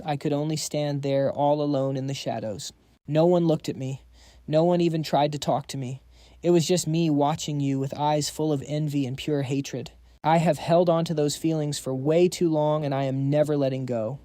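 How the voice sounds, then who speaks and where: A man's voice: a little high, warm tone, no echo, studio quality, close to an everyday voice. A man voicing a bitter, spiteful young duchess. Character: spiteful envious young noblewoman gone dark.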